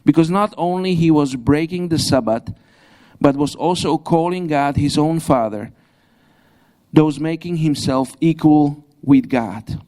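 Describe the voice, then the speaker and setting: Male preacher, halting delivery. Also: on the high side, dark tone. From Slovakia. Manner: halting, frequent restarts, non-native grammar, light laughs. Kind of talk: sermon. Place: church hall.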